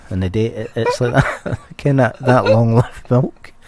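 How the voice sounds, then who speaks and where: A man's voice: medium pitch, measured pace, a loud crowd. A young Scottish man co-hosting a casual podcast, swearing a lot and telling stories with laughs. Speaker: podcast co-host. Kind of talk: casual chat.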